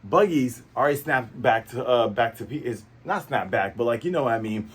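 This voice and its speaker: A man recapping a comic chapter in a casual, animated way, full of sound effects. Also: mid-range voice, a little fast, breathy edge. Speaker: manga reviewer.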